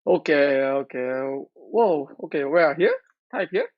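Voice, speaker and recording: A man chats casually on his live stream, venting his complaints and often breaking off to restart a sentence. His voice sits high for a man. The audio is dull and lo-fi. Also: expressive, takes it slowly, no echo. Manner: aggrieved, ranting complaint with repeated restarts.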